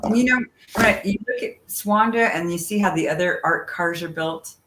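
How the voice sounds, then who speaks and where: A woman guest telling stories in a chatty, animated way, full of fillers, talking over a video call from outdoors by her camper. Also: lowish voice, normal speed. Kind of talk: casual storytelling chat. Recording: roomy sound with faint ambience.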